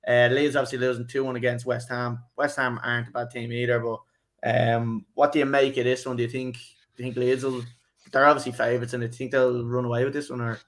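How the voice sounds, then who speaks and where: A man's voice: medium pitch, flat delivery, quick pace. Young guy on a football podcast, rambling, sweary, laughing a lot. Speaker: podcast host. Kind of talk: casual football podcast chat.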